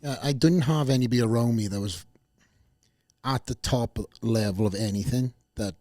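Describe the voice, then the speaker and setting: A man hosting a podcast, asking brief, relaxed questions in casual interview chat. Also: medium pitch, moderate pace, dry recording, clean studio sound. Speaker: podcast host.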